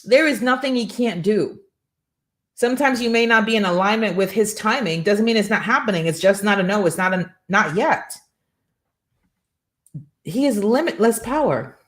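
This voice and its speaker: A woman's voice: medium pitch, lively intonation, moderate pace, a bit bright. A middle-aged woman hosting a morning show, giving a faith-based motivational talk with an emphatic, preacherly rhythm and repeated rhetorical questions.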